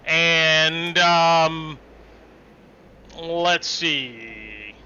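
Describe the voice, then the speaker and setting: A man's voice: a little high, extremely slow, pushed and bright, highs cut off, a little hiss or hum. A man running a tabletop game as game master over voice chat, narrating with hesitant fillers and restarts.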